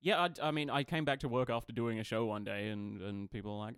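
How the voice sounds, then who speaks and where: A man's voice: fairly low pitch, steady tone, quick pace, a bit bright, clean tone, dry recording. A man co-hosting a casual podcast, making dry teasing remarks. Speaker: podcast co-host. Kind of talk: casual chat.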